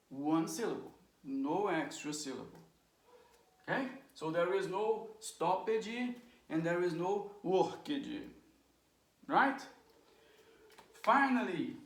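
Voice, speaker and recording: This pronunciation lesson comes from a slow-speaking woman with a lowish voice, a Portuguese native teaching English. She sits far from the mic in a room with a lot of echo, drilling words aloud and often checking with "right?" and "okay?"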